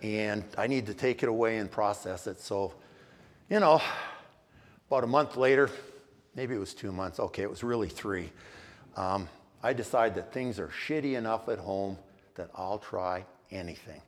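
A man's voice: lowish voice, moderate pace, big-room sound. A middle-aged man telling his own story candidly, with wry, self-mocking humor and frequent restarts. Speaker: speaker sharing his recovery story. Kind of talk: personal testimony.

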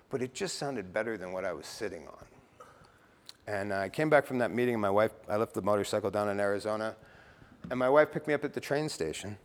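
A man's voice: on the low side, in a large hall. A middle-aged man sharing his recovery story at a meeting, blunt and casual, swearing and tossing in "you know" and "right.".

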